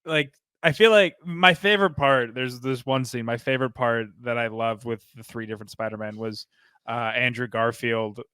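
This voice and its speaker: Man, bright and a touch high, lively storyteller, dry close sound. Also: clear, resonant tone, no room sound. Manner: animated storytelling with quick acted-out voices. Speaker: podcast guest. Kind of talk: casual chat.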